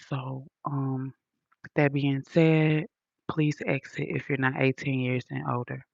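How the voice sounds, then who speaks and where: A woman's voice: deep voice, gravelly, no room sound, muffled recording. A woman vlogger talking casually to her viewers, blunt and playful, swearing freely. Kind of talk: casual vlog chat.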